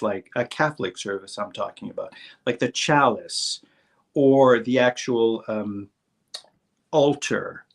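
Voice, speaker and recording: A man from French Canada, a show guest telling a story in casual conversation, halting with many fillers and restarts over a video call. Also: mid-range voice.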